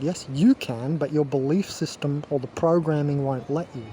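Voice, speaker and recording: A man holds forth in a rambling monologue, sure of himself and a little preachy, his voice sitting slightly high but sounding warm and relaxed. He talks outdoors, with a faint hum of traffic behind him. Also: moderate pace. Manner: emphatic, self-assured, preachy. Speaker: wellness vlogger.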